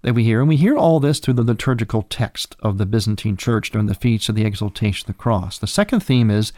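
A man teaching about church feasts in a measured, explanatory way, often restarting a phrase as he works out his wording. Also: fairly low pitch, darkish tone, dry recording, studio quality. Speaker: religious teacher. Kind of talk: explanatory religious lecture.

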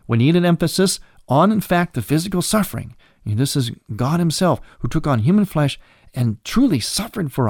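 A man teaching about church feasts in a measured, explanatory way, often restarting a phrase as he works out his wording. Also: medium pitch, a little mellow, no room sound, studio quality. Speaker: religious teacher. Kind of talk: explanatory religious lecture.

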